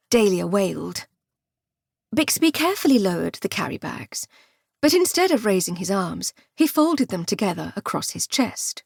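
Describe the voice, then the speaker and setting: A woman narrating an audiobook with expressive, wry comic storytelling. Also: mid-range voice, moderate pace, gravelly, breathy edge, no echo, clean studio sound. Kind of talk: scripted narration.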